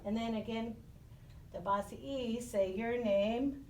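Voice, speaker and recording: Distant, roomy-sounding woman teacher, high and slow. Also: a little mellow, slight background noise. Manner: patient, sing-song phonics chants. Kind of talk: recorded math lesson for young children. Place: home. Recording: roomy echo, recorded from a distance.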